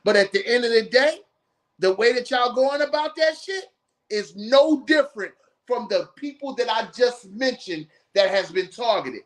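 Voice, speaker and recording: A man's voice: very high voice, animated, normal speed. A man hosting a live podcast stream, ranting bluntly and profanely in heated commentary. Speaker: podcast host.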